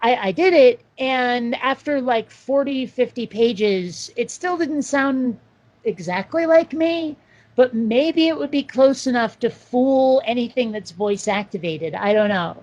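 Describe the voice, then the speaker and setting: A woman co-hosting a casual talk show, chatting in an animated, rambling way with lots of asides. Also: on the high side, measured pace, highs cut off. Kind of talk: casual chat.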